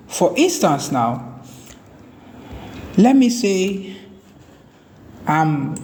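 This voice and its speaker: Slow guy doing a coding tutorial, kinda high voice, repeats himself a lot, echoey room w some faint hum. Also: a little mellow. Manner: slow, repeats and restarts words while typing. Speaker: web development tutor. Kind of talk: screen-recorded coding tutorial. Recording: reverberant room with faint ambient noise.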